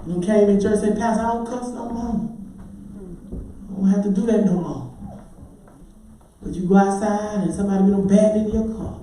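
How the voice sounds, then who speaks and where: A man, a pastor, preaching a sermon with lively voices for his congregants, breaking into shouts and sung phrases. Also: high voice, fairly quick, pauses often, a little hiss or hum. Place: church sanctuary. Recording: echoey church heard from far off.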